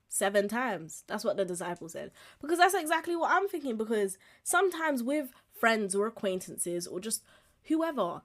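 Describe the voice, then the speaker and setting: A woman in her twenties hosting a casual solo podcast, telling stories with animated, acted-out reactions and frequent laughs. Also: mid-range voice. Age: 20s. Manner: animated storytelling, acts out reactions, laughs often. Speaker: podcast host.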